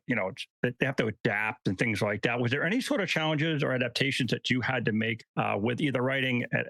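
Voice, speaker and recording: A man's voice: medium pitch, fairly bright tone, no echo. A man co-hosting an interview, asking loose questions full of fillers. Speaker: podcast co-host.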